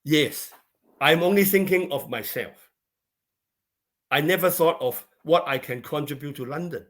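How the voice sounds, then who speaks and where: A middle-aged man from China tells his story in a conversational interview. His voice sits slightly high for a man. He stumbles and repeats words, and he fills gaps with "uh". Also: unhurried, pauses often. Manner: animated anecdotes with many repeated words and fillers. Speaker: interview guest.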